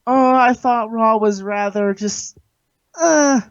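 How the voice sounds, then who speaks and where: A man's voice: extremely high pitch, slow, clear, resonant tone, no room sound. Man, boastful, giggly, dull dry call audio, podcast guest. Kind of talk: casual live podcast banter.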